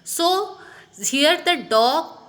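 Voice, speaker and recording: High-voiced woman teaching grammar. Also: animated, extremely slow, fairly bright tone. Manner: explanatory, repeats "okay" often, many restarts. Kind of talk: classroom grammar lesson.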